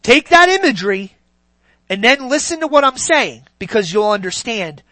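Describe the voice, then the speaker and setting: Preacher with big loud-to-soft swings. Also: medium pitch, sing-song, dry recording. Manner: dramatic swings from loud emphasis to near-whispers; slow, drawn-out stresses on key words. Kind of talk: sermon.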